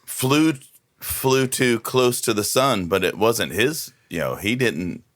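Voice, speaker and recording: A man with an animated voice, butting into a casual podcast chat with short wisecracks. He sounds close and dry, with no room around him. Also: mid-range voice, takes it slowly, no echo. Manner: wisecracking interjections. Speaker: podcast co-host.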